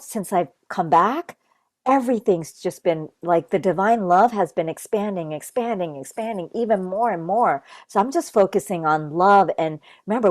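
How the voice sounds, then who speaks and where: A Japanese woman with a lowish voice speaks as a guest in a relaxed conversation about spirituality. She comes across as earnest but loose, leaning heavily on fillers like "like" and "you know." The recording is dry.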